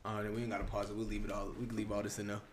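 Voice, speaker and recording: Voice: deep voice, monotone, racing, slight background noise. A young adult co-hosting a podcast in casual chat, laid-back and joking. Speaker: podcast co-host.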